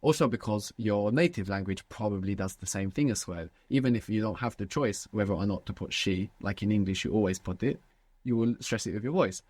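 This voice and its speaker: Male teacher, low-pitched, patient questioning, dry close sound. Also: a little fast, darkish tone, no room sound. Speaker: language teacher. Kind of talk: guided language lesson.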